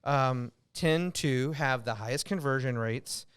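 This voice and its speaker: Smooth-voiced American man giving tips. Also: medium pitch, unhurried. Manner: loose, filler-heavy, animated when making a point. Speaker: podcast host, real estate coach. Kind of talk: casual podcast chat giving tips.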